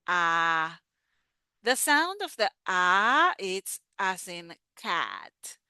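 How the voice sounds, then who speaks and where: A woman's voice: medium pitch, bright, forceful tone, clean tone, no room sound, clean studio sound. A woman teaching pronunciation, patiently saying each sound and word several times so learners can repeat. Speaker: language teacher. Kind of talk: slow pronunciation lesson.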